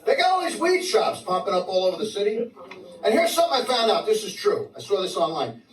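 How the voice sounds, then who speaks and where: A man's voice: high-pitched, big pitch swings, fast. A man from New doing brash stand-up with stammered restarts and crude punchlines. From New York City. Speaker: stand-up comic. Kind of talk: live stand-up set. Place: comedy club stage with audience. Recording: roomy live club recording from a distance. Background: audience laughter.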